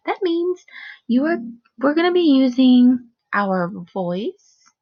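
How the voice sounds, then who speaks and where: A woman teaching a first grade phonics lesson on video, speaking slowly and clearly in an encouraging teacher voice. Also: high voice, big pitch swings. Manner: slow, clear, encouraging teacher talk with modeled expression. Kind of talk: recorded phonics lesson for children. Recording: dull, lo-fi sound.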